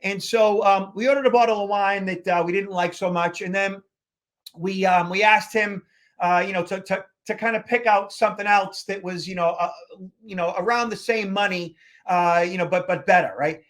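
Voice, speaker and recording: A Boston-area man who co-hosts a podcast and works as a security consultant tells a long travel story, rambling casually and using lots of fillers. His voice sits high with fairly even intonation, a moderate pace and a fairly bright tone.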